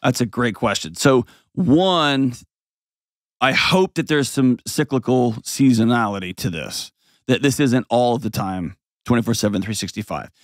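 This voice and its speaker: A blunt, animated man hosts a casual advice show in his forties. His voice sits in the ordinary middle range. It is recorded close and dry in a studio, and he breaks into mocking impressions mid-thought. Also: medium pitch, normal speed, dry recording.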